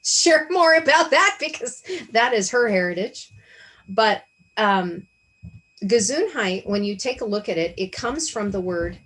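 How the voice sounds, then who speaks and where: Poor audio captures a lowish female voice belonging to the host of a Bible study discussion. She offers casual spiritual teaching on a video call, speaking with earnestness and reflection while regularly questioning herself aloud.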